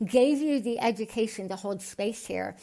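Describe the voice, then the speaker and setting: A woman from the United States, a podcast guest, speaking with a lisp and an unusual voice altered by tongue surgery, earnest and animated. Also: fairly high pitch, normal speed, gravelly. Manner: earnest, animated, gets excited. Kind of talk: podcast interview.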